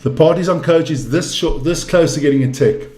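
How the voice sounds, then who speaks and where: Fairly quick and a little mellow, this man's voice sits on the high side as he rants through casual, profane basketball commentary on a live stream. He sounds exasperated, swears freely, and the room echoes.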